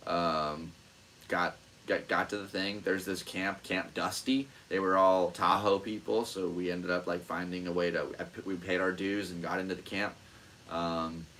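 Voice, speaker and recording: A man with a low voice hosts a podcast, telling a story in casual chat. He's animated, swears freely, and acts out the voices of the people involved. The recording is low quality, with slight background noise.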